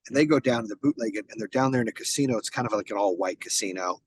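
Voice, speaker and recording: A man's voice: on the low side, rapid-fire, poor audio. A man in a casual podcast interview as a guest. He talks bluntly and emphatically, swears, and often restarts his sentences. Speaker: podcast guest, business founder.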